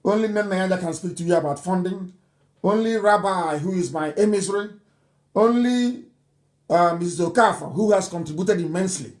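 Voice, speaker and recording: A man addresses listeners on a live broadcast and takes their calls. His voice sits high for a man. He hammers his points home by repeating them. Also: fairly quick. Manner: emphatic, repeats phrases for stress. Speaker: host of a live call-in broadcast.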